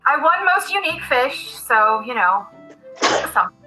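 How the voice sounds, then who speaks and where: A woman's voice: high voice, sing-song, normal speed, bright, forceful tone, heavily acted, low-quality recording. A woman plays a sheepish halfling lad of eighteen, mumbling and reluctant, embarrassed by his family. It is a tabletop game with faint music behind. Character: embarrassed eighteen-year-old halfling son.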